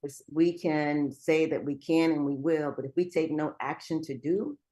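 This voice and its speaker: A woman's voice: low-pitched, moderate pace, warm tone. A woman guest speaker giving an earnest, encouraging motivational talk.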